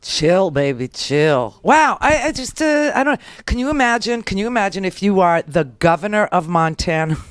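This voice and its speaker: A woman's voice: medium pitch, brisk, few pauses, no echo. Sarcastic woman radio talk host. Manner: sarcastic, rambling, laughing asides. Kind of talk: political talk radio commentary.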